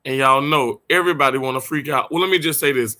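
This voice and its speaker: A man from Mississippi, a little hoarse, chatting casually and playfully with livestream viewers from a hotel room, laughing often and drawing words out. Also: mid-range voice, quick pace, pushed and bright. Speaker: livestream host.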